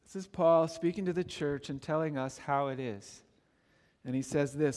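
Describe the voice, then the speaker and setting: High-voiced preacher man in a reverberant hall. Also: moderate pace, darkish tone. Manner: emphatic, repetitive preaching cadence. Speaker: pastor. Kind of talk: sermon.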